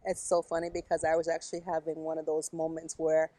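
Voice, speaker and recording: A woman's voice: low-pitched, monotone, fast, warm tone. A middle-aged woman speaking frankly and emotionally outdoors in a park, blunt and sometimes swearing, about her own struggles. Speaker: interviewee. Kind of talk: candid conversation.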